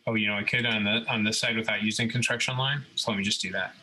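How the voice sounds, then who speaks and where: A man with a slightly rough, lowish voice talks fast yet relaxed as he steps through a screen-recorded CAD tutorial. This robotics instructor regularly asks listeners "okay?", and the recording is rough.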